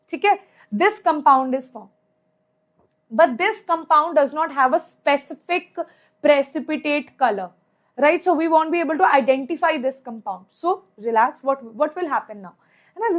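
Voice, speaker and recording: A young woman's voice, high and somewhat bright, carries an Indian English accent as she teaches chemistry online to exam candidates. Chatty and repetitive, she asks "right?" again and again and blends in Hindi.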